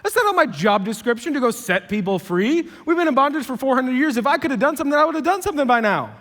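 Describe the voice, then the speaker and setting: A reluctant old shepherd, as a preacher puts him on, pushing back in loose, slangy talk. The voice sits high for a man, and a long hall reverb trails behind it. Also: animated, fast, fairly bright tone. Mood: protesting. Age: older. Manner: casual, slangy, incredulous. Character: old male shepherd, reluctant and plain-talking.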